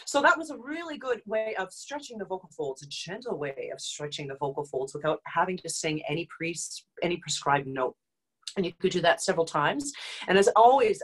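Woman vocal coach, mid-pitched, instructive, demonstrating glides and hums, a touch dry. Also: poor audio. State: slightly dry voice. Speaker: voice teacher. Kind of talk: online group vocal exercise lesson.

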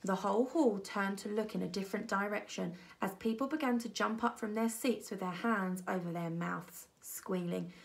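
A woman reading a children's novel aloud at a primary school with expressive storytelling. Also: normal speed, creaky, few pauses. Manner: expressive storytelling, voicing children with raised pitch. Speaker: reader.

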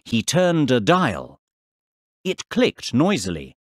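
Male narrator for learner audio, slow, deliberate, pitch that swoops widely; dry close recording. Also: no room sound. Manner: deliberate, expressive reading for learners. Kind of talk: slow, clear textbook narration.

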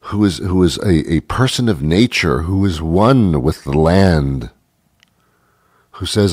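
A man's voice: sits low, animated, takes it slowly, a little mellow, husky, dry recording, studio quality. A man hosting a talk show, musing aloud in a rambling monologue with frequent stammered restarts, while he has a cold.

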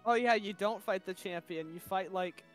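A man's voice: sits high, moderate pace, soft background music. A man chatting casually with friends on a game stream, making offhand remarks. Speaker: friend on a voice call.

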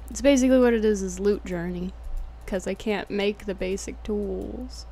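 Young woman, Texan accent, gravelly voice, laid-back jokey streamer talk. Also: mid-range voice, steady tone, moderate pace, dark tone. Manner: laid-back, jokey, slangy, swears casually. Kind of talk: casual gameplay commentary.

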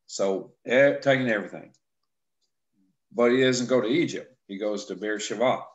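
A man teaching a Bible class in a relaxed conversational way, explaining verses with frequent restarts and fillers. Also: fairly low pitch, normal speed, lo-fi sound. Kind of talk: casual scripture teaching discussion.

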